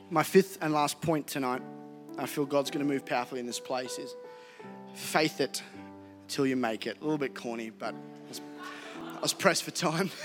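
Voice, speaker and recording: A man with an Australian accent preaching a live sermon as pastor, animated and jokey, laughing at himself. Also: a little high. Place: church hall. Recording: live hall reverb with faint music.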